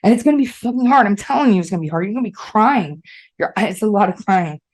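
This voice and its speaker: A woman's voice: medium pitch, animated, fast talker, darkish tone. A woman hosting a podcast, talking casually and bluntly to listeners, swearing freely and often checking in with "okay?". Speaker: podcast host. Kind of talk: casual motivational monologue.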